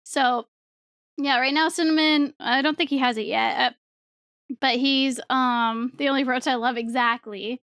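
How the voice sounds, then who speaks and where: A young woman streamer telling a story to her chat in a rambling, excitable way, swearing casually and laughing often. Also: high-pitched, unhurried, no room sound, clean studio sound.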